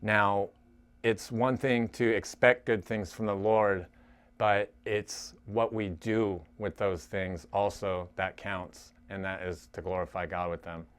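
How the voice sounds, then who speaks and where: A young adult man giving an earnest, halting church teaching talk to a recovery group. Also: lowish voice, fairly even intonation, clean tone. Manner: earnest, halting, frequent restarts.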